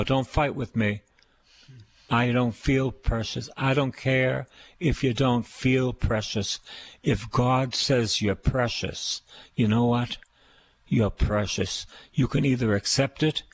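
An older man with a Boston accent preaches slowly and deliberately, his voice husky. He repeats his phrases for emphasis, building lines of praise the listener can echo back. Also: mid-range voice. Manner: repetitive, emphatic preaching with call-and-response praise. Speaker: priest and radio preacher. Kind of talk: sermon.

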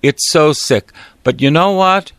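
Male priest host, slow and deliberate, smooth clear voice, dry studio sound. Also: on the high side, a bit bright, no room sound. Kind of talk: radio talk host.

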